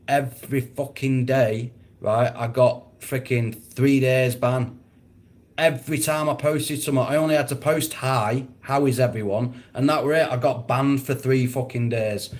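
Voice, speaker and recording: A man hosting a casual livestream, chatting with viewers, swearing and laughing a lot. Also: medium pitch. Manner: laid-back, swears a lot, laughs often. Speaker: livestream host. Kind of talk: casual livestream chat reading comments.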